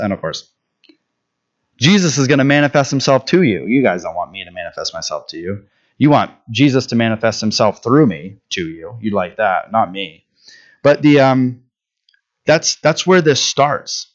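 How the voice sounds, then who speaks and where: A man's voice: medium pitch, dull audio. A man preaching a sermon in a conversational way, often checking in with "right?" and restarting his words.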